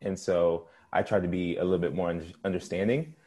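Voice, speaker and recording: A man's voice: low voice, fairly even intonation, a little fast, warm tone, husky. A man talking on a panel in a thoughtful, reflective way. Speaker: panel guest. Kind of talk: casual panel chat.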